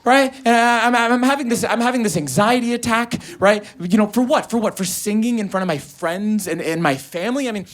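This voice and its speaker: A man in his thirties performing stand-up comedy, telling a story in an animated, profane way and acting out the dialogue. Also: sits high, brisk, few pauses. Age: 30s. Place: comedy stage before a live audience.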